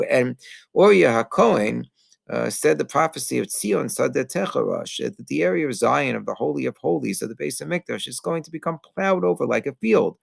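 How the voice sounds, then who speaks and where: A man, a rabbi, giving an earnest teaching sermon, pausing often with fillers and mixing in Hebrew terms. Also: mid-range voice, gravelly, husky, no room sound. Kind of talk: Tisha B'Av sermon.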